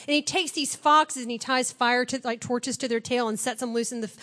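A woman preacher giving a chatty, conversational sermon, retelling a story with lively acted-out quotes. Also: fairly high pitch, a little fast, hardly any pauses.

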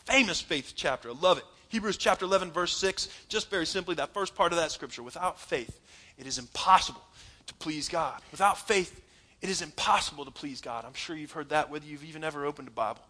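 A man's voice: on the high side, quick pace, bright, forceful tone. A man preaching a sermon in an emphatic, conversational way, laughing now and then as he talks to his congregation. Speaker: pastor.

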